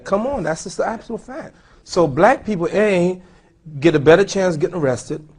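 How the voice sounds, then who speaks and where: A man speaking as an imam at a seminar, animated and questioning his audience. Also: sits high, moderate pace, husky. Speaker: imam lecturer. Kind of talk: seminar lecture. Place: lecture hall.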